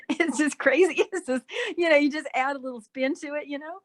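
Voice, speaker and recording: Woman guest chatting about acting gigs, bit high voice, keeps laughing and doing accents. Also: normal speed. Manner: laughs often, mimics accents mid-story. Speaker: guest actress. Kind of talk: casual storytelling chat.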